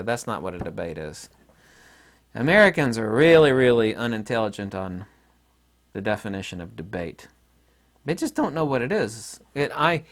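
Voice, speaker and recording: Blunt middle-aged man, lively pitch. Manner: blunt and combative, with mocking asides. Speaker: online commentator. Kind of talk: opinionated monologue.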